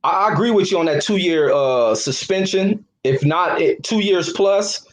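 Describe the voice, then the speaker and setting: A man co-hosting a boxing talk stream, chatting casually and haltingly with repeated starts. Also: sits high, expressive, rough recording. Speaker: co-host. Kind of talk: casual chat.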